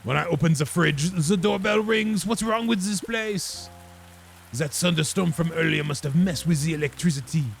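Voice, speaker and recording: A man's voice: on the high side, moderate pace, vocal fry, a little hiss or hum, pitched above the performer's own voice. A man reading a game character's lines in a half French, half Quebecois put-on accent. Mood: playful. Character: game character in storybook town, mock French. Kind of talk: reading game dialogue aloud.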